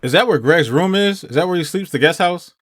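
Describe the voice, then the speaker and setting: Male co-host, mid pitch, wry reactions, dry close sound. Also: lively intonation, fairly quick, a bit bright, no echo. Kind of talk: casual commentary.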